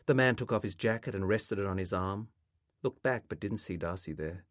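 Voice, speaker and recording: A male author reading a passage of his literary novel aloud in a measured, expressive way, close to the microphone. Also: deep voice, dry recording.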